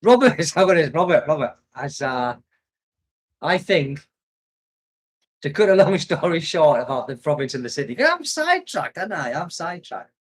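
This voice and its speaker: Older british guy rambling on about the old days in a livestream, laughs a lot, voice sits a bit high. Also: lively intonation, moderate pace, pauses often, husky. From United Kingdom. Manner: rambling, nostalgic, laughs often. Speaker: expat vlogger reading live chat. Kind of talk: casual livestream chat. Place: home in the Philippines.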